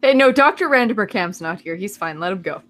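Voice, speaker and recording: A woman's voice: mid-range voice, expressive, fairly quick, fairly bright tone. A woman co-hosting a casual podcast, teasing and sarcastic with her partner. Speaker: podcast co-host.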